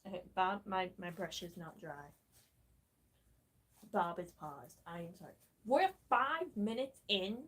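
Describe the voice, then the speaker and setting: A woman's voice: fairly low pitch, expressive, unhurried, long pauses, fairly bright tone, husky, poor audio. A young woman rambling and swearing in casual commentary, talking back at a tutorial video while she paints. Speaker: gaming vlogger.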